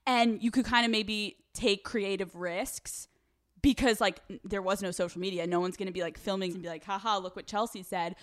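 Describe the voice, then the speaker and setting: A woman's voice: mid-range voice, fairly even intonation, normal speed, no room sound, studio quality. A young woman from Pennsylvania hosting a podcast, chatty, profane and openly starstruck with her guest. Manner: bubbly, profane, fangirling. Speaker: podcast host. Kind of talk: casual interview chat.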